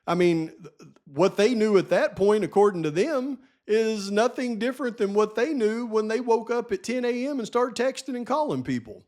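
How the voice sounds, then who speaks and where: A man's voice: high-pitched, animated, normal speed, darkish tone. A man hosting a true-crime commentary channel, firing off indignant rhetorical questions. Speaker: host.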